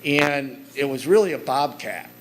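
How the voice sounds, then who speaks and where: A middle-aged speaker with a medium-pitched voice and lively intonation takes his time, talking over some background noise. In this conference talk with slides, he recounts stories about his work earnestly and conversationally.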